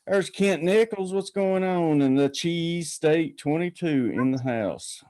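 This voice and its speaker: A man hosts a casual call-in show with a mellow, relaxed tone and an easy, rambling flow. His voice sounds close and dry, with no room echo. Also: a little high, slow. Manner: folksy, rambling, greets viewers by name. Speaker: podcast host. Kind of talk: casual live-stream chat.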